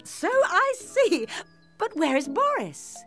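A kindly singsong cartoon aunt. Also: female voice, extremely high pitch, sing-song, slow, heavily acted. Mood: surprised. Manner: gentle and singsong. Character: kindly grown-up aunt animal, warm and wise. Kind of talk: cartoon voice acting. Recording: music playing behind.

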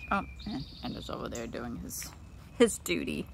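A woman's voice: a bass voice, animated, moderate pace, gravelly, slight background noise. A middle-aged woman vlogging casually outdoors in her backyard, chatting to viewers and calling to her cat. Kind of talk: casual vlog chat.

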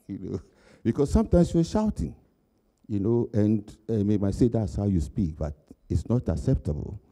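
A man's voice: fairly low pitch, very animated, moderate pace, mellow. An older man giving a conversational keynote speech, telling anecdotes and laughing at his own jokes. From Ghana. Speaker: keynote speaker.

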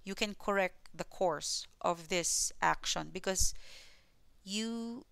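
A woman's voice: medium pitch, slow, vocal fry, a bit bright, clean tone, no echo. A woman with a mixed Filipino and New Zealand accent, giving a tarot reading to viewers in a repetitive, reassuring way. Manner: repetitive and reassuring, often adding "okay?". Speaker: tarot reader.

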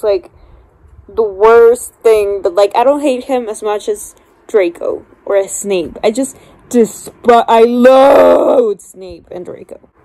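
A woman chatting in a casual vlog, animated and swearing freely as she reacts to a book. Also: on the high side. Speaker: book vlogger.

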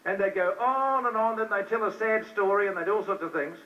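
A man from New Zealand with a high voice speaks fairly quickly as he preaches an evangelistic sermon to a hall. He keeps repeating himself and throwing questions at the audience, captured on a distant, dull old live recording.

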